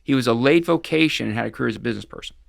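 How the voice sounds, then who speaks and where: A man's voice: mid-range voice, lively intonation, very fast, creaky, no room sound, clean studio sound. A middle-aged man, a guest expert on financial fraud, recounting cases in a casual interview, rambling along with frequent restarts and fillers.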